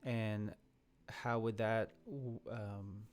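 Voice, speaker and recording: A man's voice: on the low side, fairly even intonation, unhurried, faint music behind. A young man co-hosting a casual live stream, thinking aloud about code with many fillers and restarts. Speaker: co-host.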